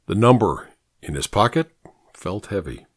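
A man reading a noir story as narrator, slow, measured and even. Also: fairly low pitch, no echo, clean studio sound.

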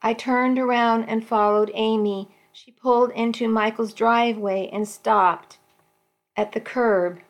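A woman volunteer reading a romance novel aloud for a radio program, in a slow, measured way. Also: a little high, fairly even intonation. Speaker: volunteer reader.

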